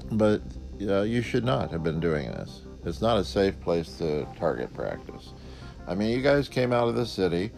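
An older man, a former park ranger, telling an old anecdote in a relaxed, dry, casual way. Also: sits low. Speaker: storyteller, retired park ranger. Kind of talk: casual spoken storytelling.

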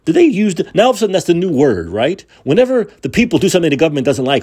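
A man rants on his podcast in a fairly high voice that leaps and drops all the time. He swears, mocks and hammers words by repeating them. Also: big pitch swings, rapid-fire, few pauses, warm tone, breathy edge. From United States. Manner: angry, profane, sarcastic ranting. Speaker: podcast host. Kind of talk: political rant monologue.

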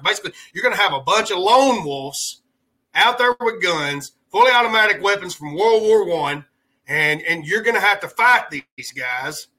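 A man's voice: sits high, animated, moderate pace, sharp tone, rough recording. A man hosting a podcast, giving rambling, heated political commentary in a colloquial way. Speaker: podcast host.

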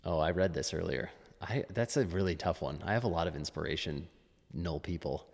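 A fitness coach chats as a podcast guest in a casual interview, musing aloud with frequent restarts and laughs. His voice sits low, creaky and darkish, at a moderate pace, with a big-room sound to the recording.

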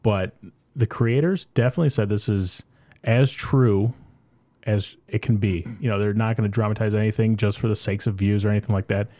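A man in a casual podcast chat, relaxed and self-deprecating, swearing now and then. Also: fairly low pitch, fairly quick, no echo.

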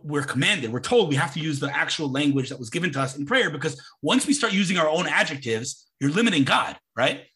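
A man's voice: fairly high pitch, a bit bright, slightly rough. A man hosting a podcast over a video call, talking in a casual, emphatic way and slipping into mocking voices when he quotes people. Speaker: podcast host. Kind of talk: casual conversational interview.

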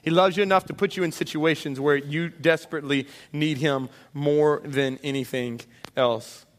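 Animated preacher in a reverberant hall. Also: male voice, on the high side, moderate pace. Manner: animated, acts out voices of disciples and Jesus. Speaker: pastor. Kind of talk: sermon.

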